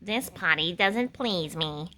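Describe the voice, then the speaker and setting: Haughty little storybook prince, slow and lordly, set lower, as a woman reader puts him on. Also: animated, bright, forceful tone, exaggerated voice. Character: small stubborn prince, haughty child.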